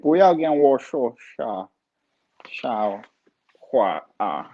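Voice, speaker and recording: A man's voice: medium pitch, big pitch swings, drawn-out words, highs cut off, a little hiss or hum. A man practicing Mandarin as a student, hesitant, repeating phrases with many fillers. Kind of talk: language lesson practice.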